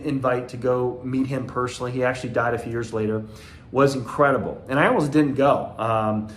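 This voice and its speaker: A man in his forties from the American South, giving an earnest, loosely rambling motivational talk straight to camera. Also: mid-range voice. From Southern United States. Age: 40s. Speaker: motivational speaker.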